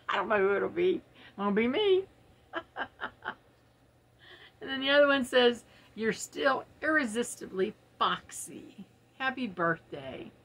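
Slow-talking woman with a husky, gravelly voice; chatty home unboxing host. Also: on the high side, sing-song, a bit bright. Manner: chatty, giggly, talks straight to viewers. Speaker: unboxing vlogger. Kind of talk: casual unboxing chat. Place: home, early morning.

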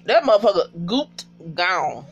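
A man with a high, lively voice gives a casual video recap of a TV episode. His pitch leaps all over as he tells it. He talks in a profane, emotional, animated way. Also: unhurried, highs cut off, faint music behind.

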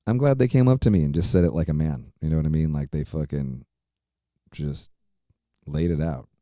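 A man's voice: rumbling low, moderate pace, mellow, no echo, clean studio sound. A middle-aged man hosting a podcast, telling a story casually in a rambling, profane way full of fillers and restarts. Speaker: podcast host.

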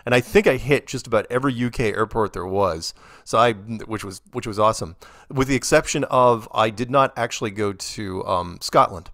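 A middle-aged American man, guest in a casual storytelling interview, tells long rambling stories full of quoted dialogue and frequent restarts. His voice is fairly low, a bit bright, at a moderate pace.

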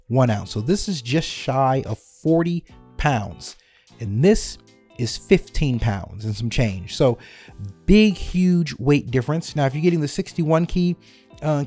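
A man's voice: a little high, dark tone. A man talking casually through a detailed product comparison, repeating numbers for emphasis. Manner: conversational, repeats figures for emphasis. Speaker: keyboard reviewer.

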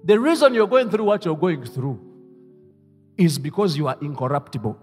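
A man preaching a sermon as pastor, leading the congregation to repeat his lines and moving between hushed asides and loud exclamations. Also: fairly high pitch, very animated, normal speed, soft background music. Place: church hall. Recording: reverberant church hall.

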